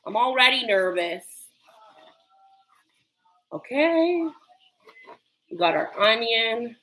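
A woman's voice: fairly high pitch, big pitch swings, takes it slowly, sharp tone, rough recording. A woman chatting casually on a livestream while she cooks in her home kitchen, nervous and self-deprecating, with sudden yelps. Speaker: livestream cooking host.

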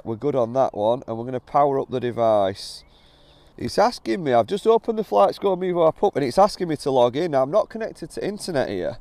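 A man's voice: mid-range voice, dark tone, no room sound. A man chatting candidly to camera, talking viewers through setting up a golf gadget at an outdoor range, filmed on a phone. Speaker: golf vlogger. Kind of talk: casual vlog chat to camera. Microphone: phone camera recording.

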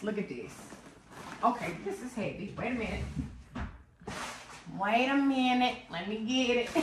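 A woman, chatting excitedly and dramatically to viewers while unboxing gifts at home. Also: mid-range voice. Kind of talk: casual chat to viewers. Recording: roomy echo, faint noise.

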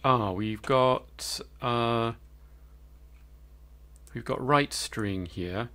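A man's voice: mid-range voice, very slow, sharp tone. A man giving live coding commentary as a programmer, thinking aloud and hesitating with fillers.

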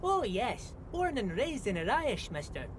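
An actor with an Irish-like accent playing a friendly, chatty young dockworker in a video game. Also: male voice, very high-pitched, very animated, a little slow, husky, heavily acted. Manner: friendly, earnest, calls people mister. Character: cheerful young male dockworker, eager and chatty.

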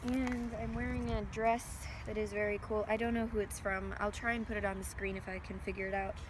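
A woman's voice: medium pitch, a little fast. A young woman in her late teens vlogging on a handheld camera while walking a dog outdoors, rambling anxiously. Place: outdoors on a walk. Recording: outdoor camera audio with steady background noise.

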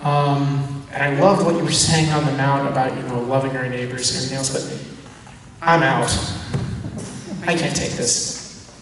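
Priest teaching in an echoey hall. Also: male voice, mid-range voice, fairly quick. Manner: animated storyteller acting out voices of disciples. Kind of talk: teaching talk at a parish. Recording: echoey church hall from far off.

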